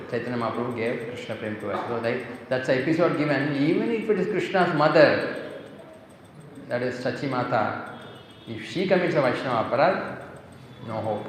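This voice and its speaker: A man's voice: mid-range voice, slight background noise. Man lecturing in an echoey temple hall. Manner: measured, conversational, animated when retelling. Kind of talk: devotional storytelling lecture. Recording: very echoey hall with faint ambience.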